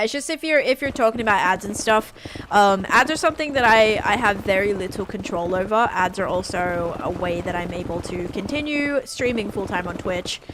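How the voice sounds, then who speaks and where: A woman streaming live and chatting casually with viewers, talking in a loose, chatty way with many fillers and restarts and a non-American English accent. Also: medium pitch.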